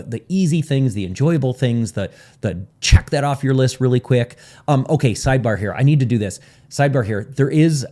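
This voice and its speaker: A man's voice: medium pitch, dark tone. A man coaching on time management in a casual, rambling teaching talk, with frequent sidebars and "right?" check-ins.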